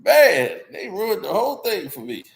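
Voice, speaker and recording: A channel host tells casual stories in slang, laughing often. His voice sits high for a man and has a gravelly edge. His pitch leaps around as he talks. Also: big pitch swings, normal speed. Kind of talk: casual storytelling.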